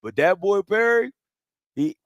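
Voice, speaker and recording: A man co-hosting a casual sports talk show, animated and repeating himself as he laughs. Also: high voice, measured pace, dry recording. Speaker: podcast co-host.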